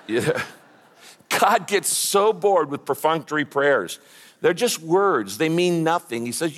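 A man's voice: a little high, sing-song, a little slow, a bit bright. A man preaching a sermon with passion and emphatic repetition, in a large hall. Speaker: pastor. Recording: echoey hall.

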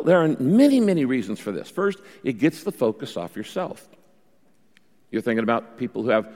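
A man's voice: on the high side, big-room sound. A male pastor preaching a sermon in a conversational way, repeating his key points.

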